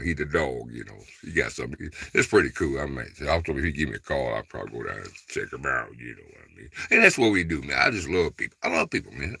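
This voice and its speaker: A livestream host with a lowish, sharp-toned voice chats casually with viewers, rambling loosely in informal dialect. He fills his speech with fillers, leaning on "man" and "you know," and there's no room sound.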